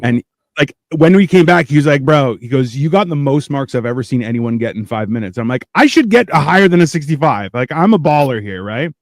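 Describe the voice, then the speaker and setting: Man, brash storyteller, from canada, dry close sound, mid-pitched. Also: very animated, fairly quick, no room sound. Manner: brash storytelling, acts out quotes loudly. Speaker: podcast co-host. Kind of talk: casual comedy chat.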